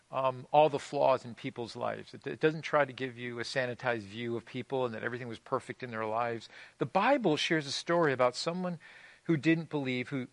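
With a medium-pitched, slightly bright voice, this man delivers a sermon as pastor, recorded dry. His storytelling is conversational and lightly humorous, and he keeps restarting phrases, repeating words along the way.

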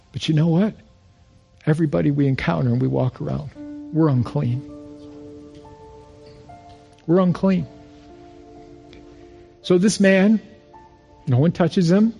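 A man's voice: on the high side, unhurried, vocal fry, pauses often, dark tone, husky, faint music behind. A male pastor preaching a sermon in an earnest, storytelling manner with repeated phrases.

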